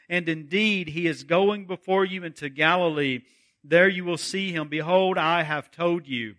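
A man preaching a sermon, reading scripture aloud in a deliberate way. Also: on the high side, bright, forceful tone. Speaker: pastor.

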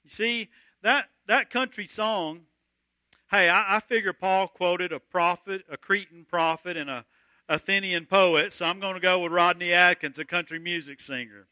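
Male pastor, high bright voice, slow deliberate sermon delivery, dry close mic. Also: dry recording.

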